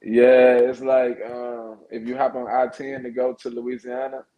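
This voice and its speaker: A man's voice: mid-range voice, completely flat delivery, a little slow, narrow, tinny audio. A man from Texas, a boxer answering interview questions in a laid-back, hesitant way with many "uh"s and "yeah"s. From Orange, Texas. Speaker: professional boxer.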